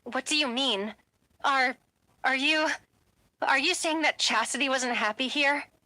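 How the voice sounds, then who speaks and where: A woman's voice: sits high, measured pace, sharp tone, no room sound, pitched above the performer's own voice. Woman reading as a timid, stammering older werewolf. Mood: nervous. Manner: nervous, stammering.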